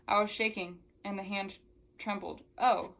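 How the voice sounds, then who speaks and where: A woman's voice: mid-range voice, steady tone, normal speed. Young woman reading a novel aloud. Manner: casual, exasperated asides. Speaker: book reviewer.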